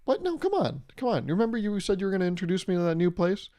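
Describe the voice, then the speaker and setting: A man's voice: high-pitched, big pitch swings, rapid-fire, dark tone, voice pushed up. A man doing a clingy, defensive billionaire friend. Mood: pleading.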